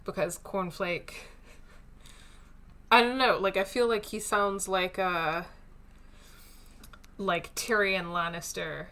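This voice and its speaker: Chatty woman streamer with a bright voice. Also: medium pitch, steady tone, slow, long pauses. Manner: chatty, thinks aloud with many fillers. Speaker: streamer playing a story game. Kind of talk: casual let's-play commentary.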